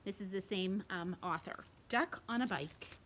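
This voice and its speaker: A woman reading a picture book aloud at a library storytime for young children, pausing to ask them questions. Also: mid-range voice, slight background noise. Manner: gentle, asks children questions while reading. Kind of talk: bedtime storytime read-aloud. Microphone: home video recording.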